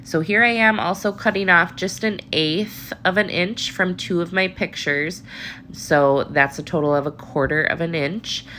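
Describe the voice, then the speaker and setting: A woman with a low voice and a stuffy, allergy-clogged nose walks viewers through a craft project. She keeps it chatty and upbeat, as if talking to friends. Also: measured pace, sharp tone, a little hiss or hum. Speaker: papercraft tutorial host. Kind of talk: casual crafting tutorial.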